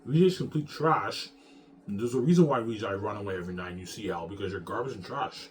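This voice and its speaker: A man's voice: fairly low pitch, quick pace, slight background noise. A man giving a rambling vlog monologue, profane, emphatic and repetitive. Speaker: vlogger.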